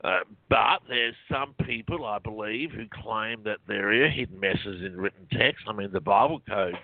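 A man's voice: on the low side, moderate pace, creaky, no echo. A man being interviewed as a guest, chatty and rambling, laughing often between points. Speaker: guest, researcher. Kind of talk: casual phone-in interview. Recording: dry tinny phone line.

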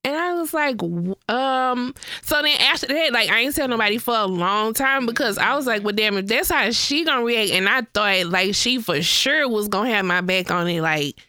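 A woman's voice: on the high side, normal speed, hardly any pauses, smooth, no room sound, studio quality. A woman co-hosting a podcast, chatting casually and acting out what her friends said as she tells stories. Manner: animated storytelling, acts out quoted friends. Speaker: podcast co-host. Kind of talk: casual chat.

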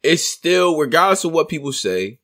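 Opinionated man with a lively pitch. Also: normal speed. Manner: laid-back, opinionated, slangy. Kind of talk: casual battle rap discussion.

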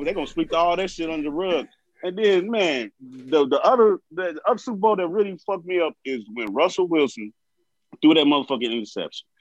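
A man who is a regular on a talk show, ranting in casual, profane chat that flares into shouts. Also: fairly high pitch, no echo. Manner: profane, animated, rising to shouts. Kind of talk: heated casual rant.

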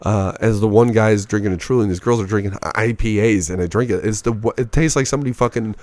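A man's voice: lowish voice, fast talker, no echo. A man in his twenties telling rambling, profane stories in a casual podcast chat as a comedian guest. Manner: profane, rambling, animated storytelling.

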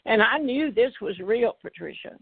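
A woman's voice: a little high, lively intonation, moderate pace, gravelly, breathy edge, dry recording. An older evangelist woman, giving an emphatic testimony and repeating phrases for effect. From Tennessee, US. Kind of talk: testimony preaching. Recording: tinny phone-like audio.

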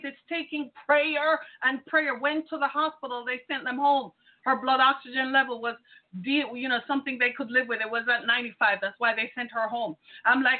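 A woman podcast host giving an impassioned, preaching monologue, firing rhetorical questions at the listener. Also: sits high. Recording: tinny phone-like sound.

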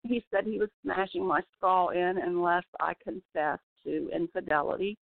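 Over a dry, tinny phone line, a woman with a lowish voice and vocal fry gives testimony as a guest, with no echo. She speaks haltingly and emotionally, often starting over.

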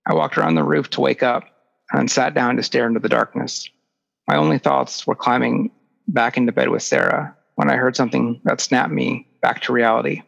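Gravelly young man reading a story. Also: mid-range voice, fairly even intonation, brisk, a bit bright. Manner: dry, sarcastic. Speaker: audiobook narrator. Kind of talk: first-person story reading. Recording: echoey, dull lo-fi recording.

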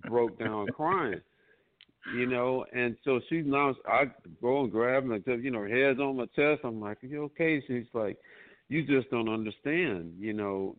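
A man of middling pitch tells stories as a radio guest, animated and peppering his talk with "man" and "you know." The line is tinny and phone-like. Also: normal speed. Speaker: guest musician. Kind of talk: storytelling interview.

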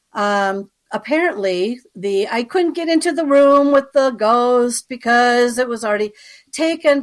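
A woman being interviewed who tells a personal story in a chatty way, with frequent asides and fillers, and checks in with the listener as she goes. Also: on the high side. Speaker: interview guest.

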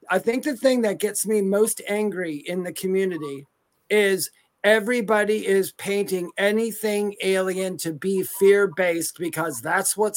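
A man co-hosting a live chat show about the paranormal, talking casually with hesitant restarts and quick laughs. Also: high voice. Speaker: co-host.

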